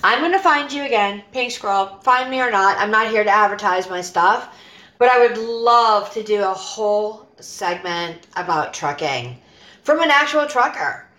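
A woman's voice: medium pitch, expressive, normal speed, sharp tone, echoey room, low-quality recording. An American woman guesting on a podcast, chatting casually, laughing often and restarting her sentences. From United States. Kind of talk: casual chat.

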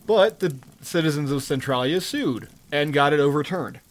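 A man's voice: on the high side, lively intonation, normal speed. Sarcastic, swearing male storyteller. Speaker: podcast co-host telling a story. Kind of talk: casual storytelling chat.

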